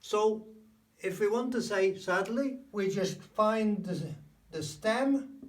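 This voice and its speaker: A man giving a spoken language lesson, explaining slowly and repeating key words. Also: high-pitched, recorded from a distance, slight background noise. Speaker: language teacher.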